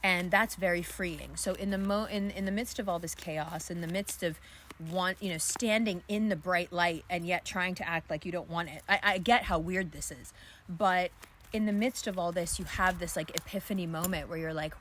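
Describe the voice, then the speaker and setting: A woman's voice: lowish voice, fairly even intonation, moderate pace, a bit bright, slight background noise. Chatty woman giving an astrology reading. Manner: chatty and candid, swears casually, full of fillers. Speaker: astrology and card reader. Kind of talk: casual spoken astrology reading. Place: outdoors.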